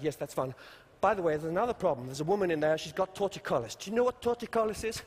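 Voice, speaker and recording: A man giving a humorous, animated conference keynote, talking straight to a large audience. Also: high-pitched, quick pace, breathy edge. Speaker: keynote speaker. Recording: long hall reverb from stage mic.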